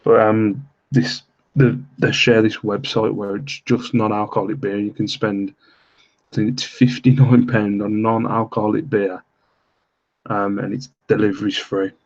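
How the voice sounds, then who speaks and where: A British man hosting a late-night live stream from home, talking quietly so he won't wake his kids, rambling casually with fillers and little laughs. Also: lowish voice, flat delivery, a little slow, highs cut off. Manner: rambling, with many fillers and self-deprecating laughs. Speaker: live stream host reselling items online. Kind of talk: casual live-stream chat while reading viewer comments.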